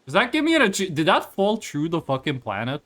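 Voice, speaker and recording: A man streaming a game live into a desk mic, talking in a high, very lively voice. He rambles, jokes and swears casually as he figures things out. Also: fast. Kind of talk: live gameplay commentary.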